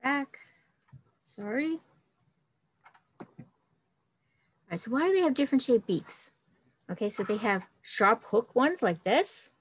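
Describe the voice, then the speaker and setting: A woman's voice: on the high side, sing-song, slow pace, long pauses, slightly rough, poor audio. A woman, a children's librarian, reading a picture book and leading a friendly, upbeat science lesson for kids.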